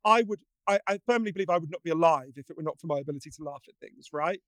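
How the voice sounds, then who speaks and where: High-voiced, earnest male guest. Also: very fast, no echo. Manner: earnest, animated storyteller with frequent restarts. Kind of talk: casual conversation.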